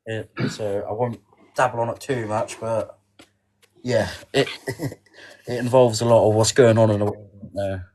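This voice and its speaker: A man's voice: on the low side, steady tone, moderate pace, darkish tone. A man guesting on a casual podcast, talking hesitantly with many fillers and reading a list aloud a bit stiffly.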